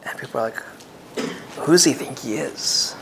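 A man preaching a sermon in an earnest way, often repeating and restarting words, swinging between loud and soft. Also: mid-range voice, moderate pace, gravelly, slight background noise.

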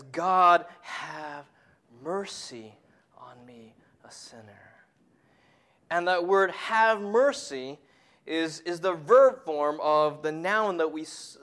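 A preacher giving a sermon who tells a family story and drops to a hushed whisper on key points. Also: medium pitch, clean tone.

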